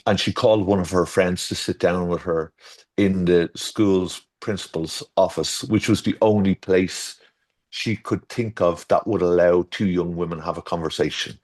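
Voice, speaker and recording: A man with a deep, low voice chats casually as an interview guest. He rambles, restarts his sentences and drifts into storytelling asides, correcting himself as he goes. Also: steady tone, moderate pace, darkish tone. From Ireland. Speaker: garden designer guest.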